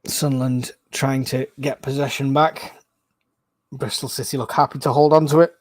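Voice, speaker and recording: A man giving excitable, casual live fan commentary on a football match, groaning and swearing at the play. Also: mid-range voice, normal speed, no room sound, studio quality.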